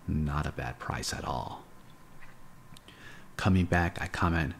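A man narrates a novel in a live reading, measured and unhurried. His voice sits extremely low with a rough, gravelly texture. A faint hiss of noise runs underneath. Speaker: audiobook narrator.

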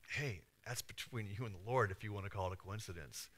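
A man preaching a sermon as pastor, lively and acting out the voices he quotes. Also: lowish voice, normal speed. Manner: animated, acts out voices and quotes. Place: church.

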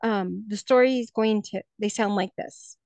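A woman's voice: mid-range voice, moderate pace, a little mellow, dry recording. A woman who teaches third grade, presenting a lesson in a workshop, talking hesitantly with many fillers and restarts, heard over a video call.

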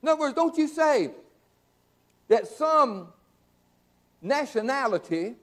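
A man's voice: very high voice, very animated, takes it slowly, fairly bright tone. A middle-aged man preaching a sermon in a church, folksy and emphatic, repeating phrases for effect. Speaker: pastor. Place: church sanctuary.

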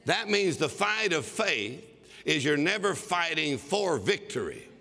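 A man's voice: a little high, very animated, unhurried, vocal fry, bright, forceful tone. A man preaching a fervent sermon, exhorting his congregation and breaking into mock laughter. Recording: long reverb of a large hall.

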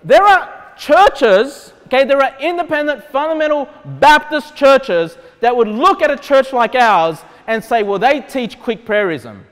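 A man's voice: very high voice, lively intonation, measured pace, few pauses, fairly bright tone. A man with an Australian accent preaching a sermon as pastor, conversational and then emphatic. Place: church hall. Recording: long hall reverb.

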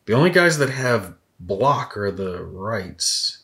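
A man's voice: lowish voice, sing-song, takes it slowly, creaky, pushed and bright. A man chatting casually while painting miniatures, rambling through stories and swearing freely. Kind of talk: casual rambling hobby chat.

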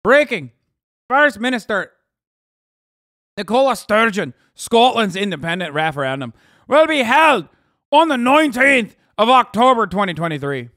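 A man putting on a mock Irish newsreader, loud and excited as he announces. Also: high-pitched, normal speed, no echo, clean studio sound, voice pushed up, exaggerated voice. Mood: announcing.

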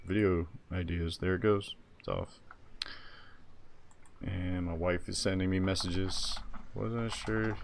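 A young man giving casual, chatty commentary while he plays a strategy game and talks to his viewers, often getting excited. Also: deep voice, slow, vocal fry, pauses often, noisy background. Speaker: gaming streamer. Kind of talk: casual live gameplay commentary.

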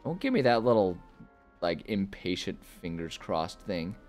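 A man's voice: low-pitched, big pitch swings, a little slow, darkish tone, soft background music. A man casually chatting and reading game text aloud while playing a video game, rambling with lots of fillers. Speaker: gaming YouTuber. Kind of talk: casual let's-play commentary.

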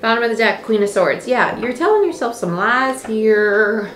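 A woman's voice: a little high, expressive, moderate pace. A young woman giving a casual tarot reading, chatty, blunt and encouraging with playful exclamations. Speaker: tarot reader. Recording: echoey room with faint noise.

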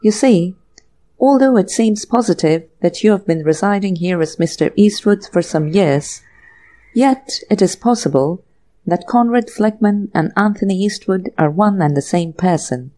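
Woman voicing a polite, good-humoured inspector for an audiobook, respectful, raised and warm in tone. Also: mid-range voice, expressive, normal speed, close to an everyday voice. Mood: courteous. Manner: respectful, courteous.

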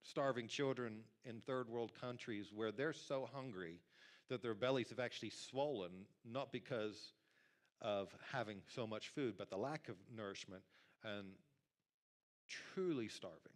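A male pastor preaching a sermon to a church congregation in a lively, conversational way, talking directly to the people in the pews. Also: mid-range voice, normal speed. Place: church sanctuary.

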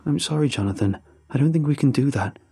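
A man voicing a cautious male officer who speaks in a measured, doubtful way. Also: mid-range voice, lively intonation, gravelly, dark tone, husky, pitched above the performer's own voice, heavily acted.

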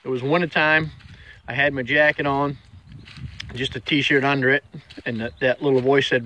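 A man's voice: medium pitch, fairly even intonation, normal speed, pauses often, bright, forceful tone, slight background noise. A middle-aged man hosting a daily motivational vlog, telling stories in a folksy, earnest way straight to the viewer. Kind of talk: casual inspirational storytelling.

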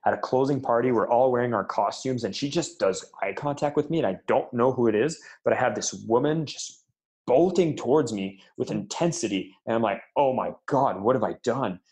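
A man's voice: mid-range voice, brisk, a little mellow. A man being interviewed on a podcast, telling sales stories with enthusiasm and animation. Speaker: sales and marketing leader, guest.

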